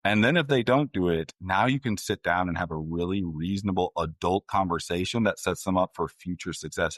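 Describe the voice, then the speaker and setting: A man's voice: low-pitched, brisk, few pauses, no echo, clean studio sound. A middle-aged man in a casual interview, telling stories and acting out quotes between parents and kids. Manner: conversational, storytelling, acts out parent and child quotes. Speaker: guest author and parenting expert.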